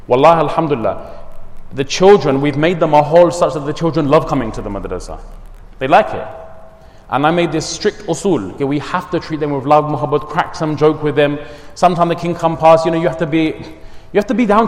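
A man teaching at a madrasa gives a community talk, mixing in Urdu and Arabic words and telling stories with lively energy. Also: on the high side. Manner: mixes English with Urdu and Arabic words, animated storytelling. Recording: long hall reverb.

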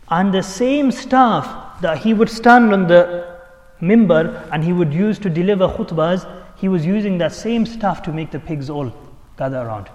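Male preacher, slightly high voice, emotive storyteller, long hall reverb. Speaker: Islamic preacher. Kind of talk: sermon storytelling.

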